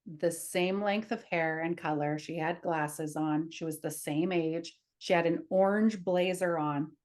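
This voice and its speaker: A woman's voice: on the low side, measured pace. Chatty woman telling a story. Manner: animated, acts out quotes, laughs often. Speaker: podcast co-host. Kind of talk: casual storytelling chat.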